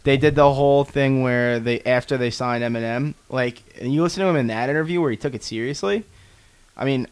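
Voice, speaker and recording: A man's voice: mid-range voice, brisk, clean tone. A young man co-hosting a casual podcast chat, telling stories animatedly, swearing freely and acting out quotes. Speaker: podcast co-host.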